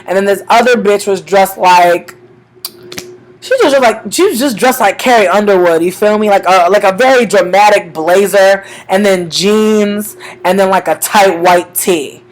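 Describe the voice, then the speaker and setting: A woman's voice: medium pitch, rough recording. A young woman who reads tarot on the street, telling stories in a casual vlog, swearing freely and acting out both sides of each conversation. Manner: profane, animated, acts out both sides of conversations.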